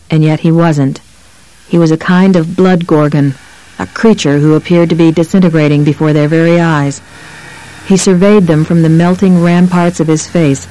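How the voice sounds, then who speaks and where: An audiobook narrator reading a novel in an even, measured way. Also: medium pitch, poor audio. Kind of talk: scripted narration of a horror novel.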